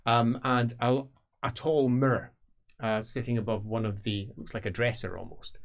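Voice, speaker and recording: A man narrating as game master of a tabletop role-playing game, pausing often with ums as he describes the scene. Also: mid-range voice, fairly even intonation. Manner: hesitant, with frequent ums while describing scenes.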